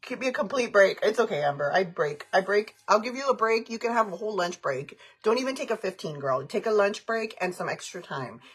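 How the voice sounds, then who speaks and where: A woman's voice: mid-range voice, lively intonation, brisk, hardly any pauses, a bit bright, breathy edge. A woman chatting on a livestream, answering viewer comments in a frank, heated, rambling way.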